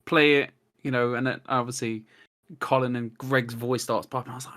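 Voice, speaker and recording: A man's voice: medium pitch, moderate pace. A man talking as a guest on a casual podcast, telling long rambling stories and acting out what people said. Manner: rambling, animated storyteller who acts out quotes.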